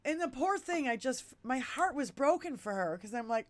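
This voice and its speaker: Brief: woman in her fifties hosting a podcast, lively storyteller with a salty mouth, fairly high voice, dry close sound. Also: moderate pace, dry recording. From United States. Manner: animated storyteller, swears freely. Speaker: podcast host. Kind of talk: casual chat.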